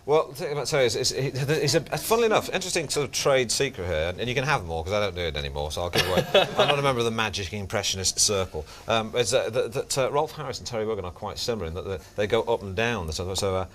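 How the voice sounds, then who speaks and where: A man's voice: on the low side, lively intonation, fast talker, few pauses, fairly bright tone. Dry, self-mocking Englishman on a chat show. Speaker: comedian guest. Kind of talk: casual chat show banter. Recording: noisy late-1990s TV studio recording.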